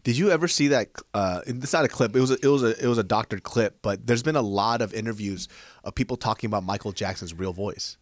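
A man's voice: fairly low pitch, quick pace, dry recording, studio quality. A man co-hosting a podcast in casual chat, laid-back and freely swearing. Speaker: podcast co-host.

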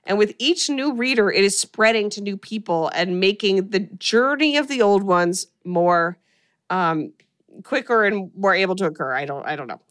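A woman's voice: medium pitch, lively intonation, moderate pace, fairly bright tone. A woman hosting a podcast, recapping a horror movie in casual chat and laughing often as she retells scenes. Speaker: podcast host.

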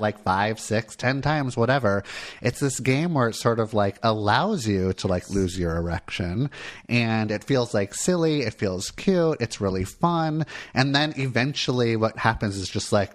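A man's voice: lowish voice, normal speed. A man co-hosting a podcast in casual chat, talking candidly and rambling with many fillers. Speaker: podcast co-host, therapist.

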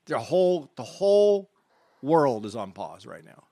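A man's voice: medium pitch, sing-song, unhurried, creaky, dark tone, no echo, studio quality. A man who is a comedian, chatting casually and hedging his points, saying again and again that he is only asking. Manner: hedging, keeps repeating that he is just asking. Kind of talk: casual podcast chat.

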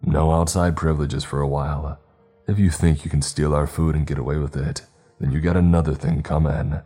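A man's voice: rumbling low, flat delivery, fairly quick, warm tone, breathy edge, faint music behind. A man voicing a big, angry father who seethes and growls through clenched teeth. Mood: stern.

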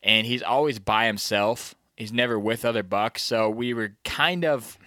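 Casting: man, casual storyteller, bright forceful voice, dry close sound, slangy, keeps asking "you know what I mean". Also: fairly low pitch, moderate pace, dry recording. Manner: animated storyteller, acts out the deer's thoughts. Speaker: bowhunter recounting a hunt. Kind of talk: casual chat.

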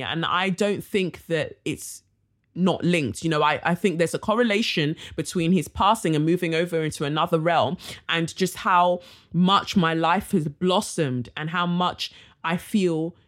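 A young woman from Nigeria hosting a casual solo podcast, chatty and warm, full of slang and fillers. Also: fairly low pitch. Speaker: podcast host.

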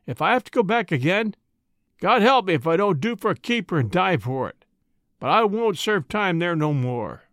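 A man reading the part of a bitter, hopeless ex-convict burglar, speaking hoarsely, fiercely and doggedly. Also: high-pitched, big pitch swings, normal speed, a bit bright, no room sound, studio quality. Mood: desperate.

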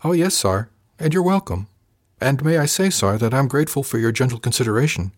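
A man's voice: mid-range voice, animated, fairly quick, dry recording, studio quality, voice pushed up, close to an everyday voice. A man putting on a smug, teasing young spacer woman. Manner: smug, playful, cheeky.

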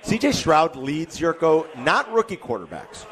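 A sports radio host with a voice pitched a touch above most men's. He trades quick, joking banter about the games and keeps the talk moving. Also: sing-song.

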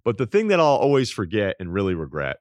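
A very deep-voiced man in his forties talks straight into a podcast mic with a close, dry sound. He tells a personal story in a loose, rambling way, circling back and restarting, and turns reflective and confessional as he goes. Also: huge pitch swings, fast, no room sound. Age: 40s. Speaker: podcast host.

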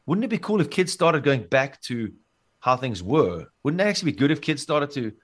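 A man from South Africa with a South African accent, a podcast guest talking in a casual, earnest and rambling way. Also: mid-range voice. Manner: earnest, rambling, many fillers and restarts.

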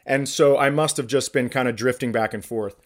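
A man's voice: medium pitch, steady tone, fairly quick. A man, a comedian and podcast host, telling a story in casual chat with self-mocking humor.

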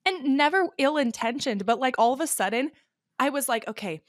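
A woman's voice: high-pitched, a little fast, no echo, clean studio sound. A woman in her late twenties, a podcast guest in casual chat, telling stories animatedly and acting out quotes. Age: late 20s. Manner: animated storyteller, acts out quotes.

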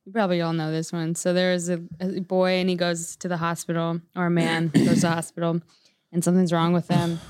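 A woman's voice: lowish voice, completely flat delivery, fairly quick, darkish tone, clear, resonant tone, no echo, clean studio sound. A woman telling a joke in casual chat, restarting and checking whether the others know it. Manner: hesitant storytelling, restarting lines.

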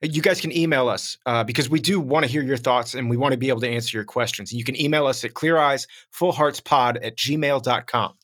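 A man co-hosting a podcast, telling stories in a casual, lively way. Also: medium pitch, brisk, hardly any pauses. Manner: animated, lively storyteller. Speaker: podcast co-host, actor. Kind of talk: casual chat, storytelling.

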